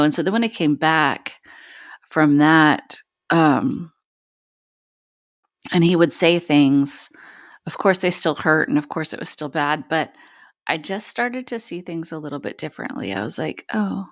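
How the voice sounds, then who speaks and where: A woman host candidly telling a personal story on a podcast, halting and pausing often. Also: low voice, no echo, clean studio sound. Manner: candid, halting, many pauses.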